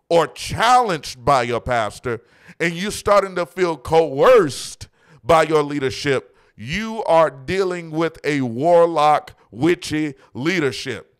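Impassioned preaching man, smooth voice. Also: a little high. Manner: impassioned, mocking, frequent quoting. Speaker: pastor. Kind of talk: preaching sermon.

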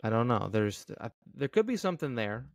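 A man's voice: medium pitch, sing-song, a little fast, no room sound, clean studio sound. A man co-hosting a podcast who thinks aloud in a tentative, hedging way during a casual book discussion. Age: adult. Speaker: podcast co-host.

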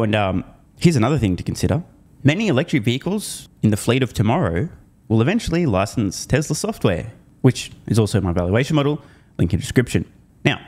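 A man's voice: medium pitch, a little mellow. A man hosting an investing commentary video, sarcastic and emphatic, swearing at forecasters as he reads through a report. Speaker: host.

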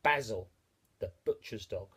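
A man reading a children's picture book aloud, expressive and playful with the sound words. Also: lowish voice, a little slow, a little hiss or hum. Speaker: storyteller.

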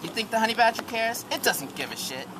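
A man's voice: very high-pitched, sing-song, fast talker. A man narrating a mock nature documentary in a crude, exaggerated, giggly way at a lakeside. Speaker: skit narrator. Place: lakeside outdoors. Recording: noisy outdoor camera audio.

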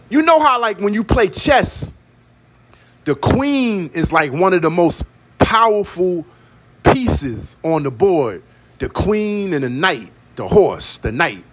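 A man's voice: high voice, a bit bright, slightly rough. A young man, ranting profanely into his phone in a rambling, repetitive vlog. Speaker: vlogger. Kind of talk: casual ranting monologue.

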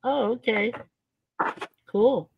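A woman's voice: on the high side, extremely slow, creaky, phone-quality sound, a little hiss or hum. A woman making friendly, giggly small talk as a guest on a live stream. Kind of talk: casual live-stream chat.

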